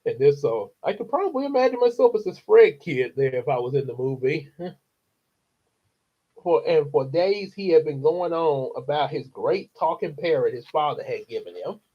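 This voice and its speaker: A storyteller with a slightly high, expressive, husky voice casually reads a children's novel aloud, heard in lo-fi audio. He takes his time, laughs, and adds chatty asides to his listeners.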